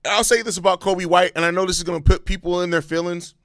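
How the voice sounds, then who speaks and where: A man hosting a live postgame reaction, talking bluntly with plenty of profanity and breaking into loud rants. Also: high-pitched, fairly even intonation, fast, dry recording, clean studio sound. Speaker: sports channel host.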